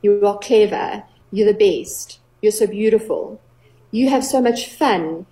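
A middle-aged woman, a clinical psychologist, explaining earnestly on a radio talk show, with gentle playful examples. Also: mid-range voice, unhurried, low-quality recording.

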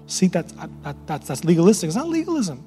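A man's voice: sits high, very animated, fast talker, mellow. A man preaching a sermon as pastor, passionate and repetitive, building to rising crescendos. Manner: impassioned preaching, repeats words, builds to crescendos. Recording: long reverb in a large hall, faint music.

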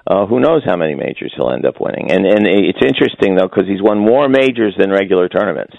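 A guest columnist who calls in regularly to a sports radio show chats casually by phone, rambling, correcting himself, and hiccuping as he goes. His deep voice is expressive and quick, with vocal fry. The recording is dry and comes through a tinny phone line.

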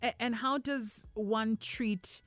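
A woman's voice: a little high, steady tone, slow, dry recording. Bubbly female radio host. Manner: bubbly, laughs often, chatty fillers. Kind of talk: casual radio interview.

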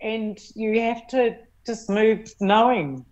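A woman talking as an interview guest, earnest and reflective, pausing often and restarting her sentences. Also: a little high, darkish tone, dull audio. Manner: earnest, halting, with many fillers and restarts. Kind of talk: reflective personal conversation.

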